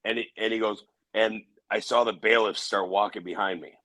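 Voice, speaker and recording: A man telling a personal story in an interview, halting with restarts and fillers. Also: on the low side, fairly even intonation, sharp tone, dry recording, poor audio. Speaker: interview guest.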